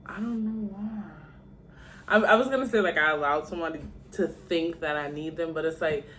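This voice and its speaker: A woman's voice: sits low, quick pace, a bit bright, a little hiss or hum. A young adult woman vlogging in a candid, slangy and heartfelt way, talking casually to her viewers. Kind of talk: casual chat to camera.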